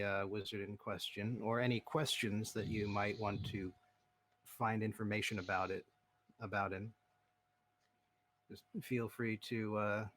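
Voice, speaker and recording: A man running a tabletop game as game master, talking in a relaxed, plain way with pauses. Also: on the low side.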